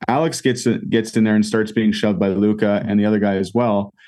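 A man with a lowish voice tells an incident in an animated way. He leans on fillers as he talks. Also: brisk. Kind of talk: storytelling in an interview.

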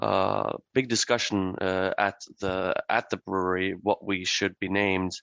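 A Norwegian-accented man speaks in a low, flat, smooth voice, pausing often on filler words as he answers. The recording is dry and slightly muffled, as if over a remote line. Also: dry recording. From Norway. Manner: hesitant, many "uh" fillers. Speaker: brewery representative, guest. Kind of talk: interview answers.

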